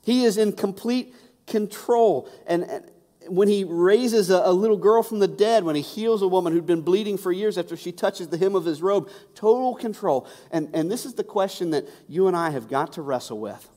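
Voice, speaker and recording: With a high, mellow voice at normal speed, a man preaches a sermon in a conversational style, frequently repeating words to stress them. The sound carries a long hall reverb.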